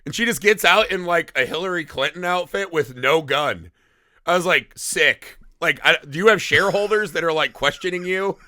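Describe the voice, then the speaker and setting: A man co-hosting a podcast, chatting casually about a film in an animated, profane, rambling way, acting out bits of dialogue. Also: on the high side, brisk, dry recording, studio quality. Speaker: podcast co-host. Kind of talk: casual movie review chat.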